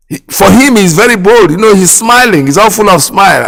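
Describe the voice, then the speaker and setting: A man's voice: high voice, expressive, fairly quick, vocal fry, hardly any pauses. Indignant Nigerian man, long reverb. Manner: indignant, repeats phrases, asks sharp rhetorical questions. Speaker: radio host. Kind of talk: impassioned political commentary.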